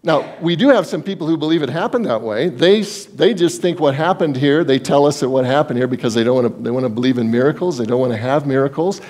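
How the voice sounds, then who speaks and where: A male pastor preaching a sermon emphatically, asking the congregation rhetorical questions and swinging between loud and hushed delivery. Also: medium pitch, quick pace, few pauses.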